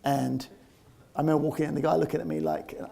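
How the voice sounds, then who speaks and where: A man in his fifties with a London accent tells a personal story in an animated, lively way. His voice sits a touch high and has a gravelly, creaky edge. He laughs easily as he talks. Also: fast. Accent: London English. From England (London). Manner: lively, often laughs while talking. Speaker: interviewee telling a personal story.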